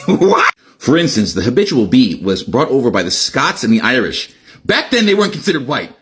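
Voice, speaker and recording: Man with a wildly swinging pitch. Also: wildly swooping pitch, normal speed, a bit bright. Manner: incredulous, laughing, exasperated. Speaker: commentator. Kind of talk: reaction video commentary.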